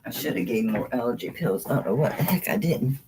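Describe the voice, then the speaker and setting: Woman, live-stream jewelry auctioneer; relaxed, chatty, very animated pitch. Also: quick pace, background noise. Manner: chatty, coos at her dog between bids.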